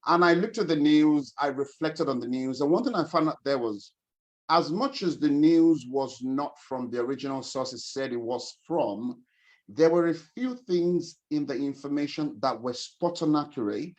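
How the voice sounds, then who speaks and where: A man's voice: fairly high pitch, normal speed. A man, a financial coach hosting an online webinar over a video call, chatty and upbeat, greeting attendees by name.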